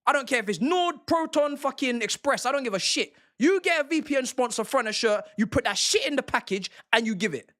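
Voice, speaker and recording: A man's voice: extremely high pitch, animated, fairly quick, few pauses, sharp tone. A young man, a football streamer ranting angrily and with lots of swearing on a live stream. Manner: angry, profane, repetitive ranting.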